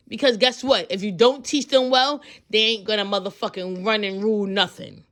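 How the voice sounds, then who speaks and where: A woman in her thirties giving a loud, profane, animated pep talk as a tarot reader, acting out voices as she goes. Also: mid-range voice, normal speed.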